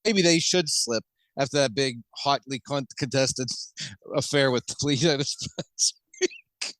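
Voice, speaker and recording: A man's voice: mid-range voice, unhurried, fairly bright tone, dry recording. An American man co-hosting a sports podcast, teasing his co-host with dry sarcasm in a casual chat.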